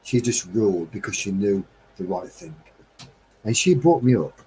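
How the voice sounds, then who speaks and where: A man's voice: on the low side, expressive, moderate pace, warm tone, husky, rough recording. A man hosting a casual live stream chat, rambling cheerfully, laughing and breaking into snatches of song. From England.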